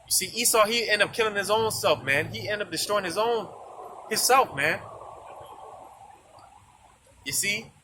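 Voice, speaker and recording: A man preaches on an open street in a loose, conversational style. He circles back over his points and checks in with his listeners as he goes. His voice sits high, and the recording is full of loud passing traffic. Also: unhurried, pauses often. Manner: repetitive, conversational, frequent "man" and "you see". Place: outdoors on a street. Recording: noisy outdoor street recording. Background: traffic noise.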